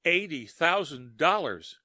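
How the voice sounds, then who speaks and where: A man voicing a ruined, stunned middle-aged traveler with a harsh, croaking, lifeless voice, speaking dully and slowly. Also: a little high, big pitch swings, bright, forceful tone, no room sound, studio quality, pitched above the performer's own voice, full character voice. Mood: dull. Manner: despairing, dull and slow.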